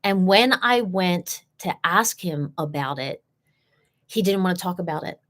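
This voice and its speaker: A woman with a somewhat low voice tells her own story, earnest and direct. She repeats her key phrases for weight as she hosts a live session. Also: animated, unhurried, fairly bright tone. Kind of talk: personal storytelling.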